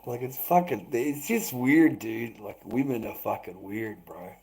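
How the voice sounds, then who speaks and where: A man's voice: mid-range voice, measured pace, darkish tone, poor audio. A middle-aged man rambling through a livestream monologue, swearing often and restarting his sentences. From Australia. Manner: swearing, repetitive, stammering restarts.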